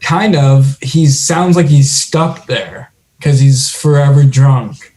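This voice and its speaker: A man's voice: mid-range voice, takes it slowly, warm tone, a little hiss or hum. A young man co-hosting a podcast, telling rambling stories in casual chat with lots of fillers and restarts. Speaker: podcast co-host.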